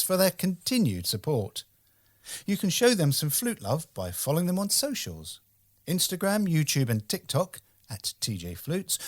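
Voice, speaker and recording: A man with a London accent introduces his podcast in a bright, upbeat presenter voice. His pitch moves around a lot, rising and falling with animation as he reads his scripted introduction. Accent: London English. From England. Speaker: podcast host.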